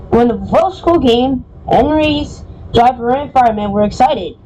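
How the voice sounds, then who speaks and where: A woman's voice: on the high side, a little slow, hardly any pauses, dark tone, slight background noise, low-quality recording. A woman reading a children's storybook aloud, casual, often stumbling and correcting herself. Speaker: storybook reader.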